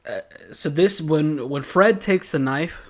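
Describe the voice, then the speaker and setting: A man's voice: on the high side, unhurried. Teasing man with a slight Georgia twang. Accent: mild Southern US, Georgia. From Georgia, USA. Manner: teasing, wry joking. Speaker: podcast co-host. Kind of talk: casual chat recapping an episode. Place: studio at a podcasting table.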